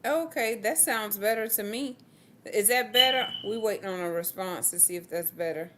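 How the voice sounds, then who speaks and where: A woman with a Southern US accent hosting a relaxed, upbeat live-stream chat. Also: medium pitch. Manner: relaxed and upbeat, slow-paced. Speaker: host.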